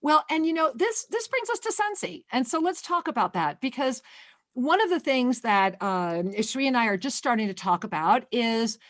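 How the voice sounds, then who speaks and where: A woman hosts a spiritual call-in radio show, pouring affection over her callers and calling them sweetheart. Her voice sits on the high side and sounds dry and close, with no room around it. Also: sing-song, moderate pace, dry recording.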